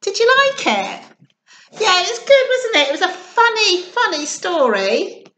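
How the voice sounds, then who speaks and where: A woman's voice: very high voice, sing-song, measured pace, bright, forceful tone. A woman reading a storybook to young children online and chatting with them in a coaxing, sing-song way. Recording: roomy echo.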